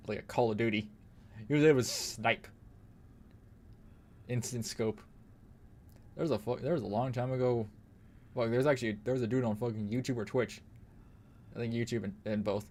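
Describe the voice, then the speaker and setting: A young man talks over his gameplay in a loose, rambling way, peppering every thought with curses. His voice sits at an ordinary middle pitch, and he laughs easily between remarks. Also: darkish tone. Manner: rambling, profane, laughs often. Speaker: streamer. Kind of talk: casual gaming commentary.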